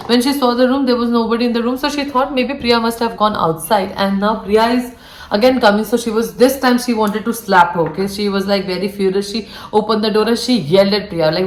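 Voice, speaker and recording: A woman's voice: a little high, fast, echoey room, low-quality recording. A young woman, a former flight attendant casually telling a ghost story as she does her makeup, acting out the lines of the people in it. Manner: animated retelling, acts out quoted lines. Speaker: vlogger, former cabin crew. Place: indoor room, getting ready.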